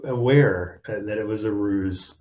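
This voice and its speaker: A man's voice: lowish voice, measured pace, highs cut off. A middle-aged man co-hosting a podcast in casual chat, who chimes in with wry, joking comebacks. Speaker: podcast co-host.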